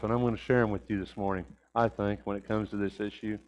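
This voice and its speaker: A man's voice: on the low side, level tone, fast, darkish tone. A man preaching a sermon to his congregation in a folksy manner, asking them rhetorical questions. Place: church sanctuary. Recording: long reverb of a church hall.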